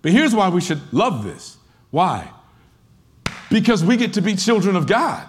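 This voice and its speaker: A man preaching a sermon in a slightly high voice. He talks conversationally, slips into the voices of churchgoers to make his point, and climbs at times into emphatic shouts. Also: big pitch swings, measured pace, breathy edge. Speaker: pastor.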